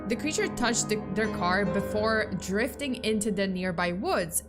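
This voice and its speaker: A woman's voice: mid-range voice, expressive, unhurried, hardly any pauses, soft background music. A woman streamer telling a spooky story in a chatty, playful way with lots of fillers.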